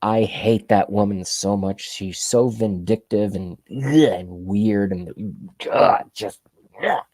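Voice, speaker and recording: A man's voice: fairly low pitch, slow pace, dark tone, no echo. A man in his thirties hosting a political livestream, ranting sarcastically and rambling as he talks to his chat. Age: 30s. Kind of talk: ranting opinion commentary.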